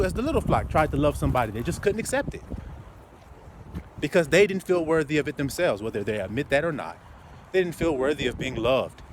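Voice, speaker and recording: A man with a lively, sing-song voice preaches into a phone he holds while walking outdoors. He laughs between points, drags out repeated lines and keeps asking his listeners questions. Faint street traffic hums behind him. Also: a little high. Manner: laughing, rhetorical, drawn-out repetitions. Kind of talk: casual outdoor sermon to phone camera. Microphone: phone held while walking.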